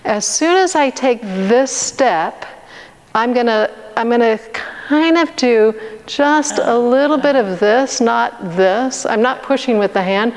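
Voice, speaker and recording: Female dance instructor, unhurried coaching of the count, reverberant room. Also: on the high side, expressive. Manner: counting beats aloud, patient step-by-step coaching. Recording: long reverb, faint noise.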